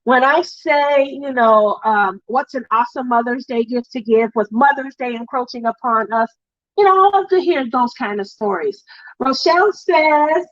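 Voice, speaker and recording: A woman's voice: a little high, animated, normal speed, no echo, dull audio. A middle-aged woman hosting a crafting livestream, telling a heartfelt family story in a chatty, emotional way. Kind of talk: casual chat reading viewer comments.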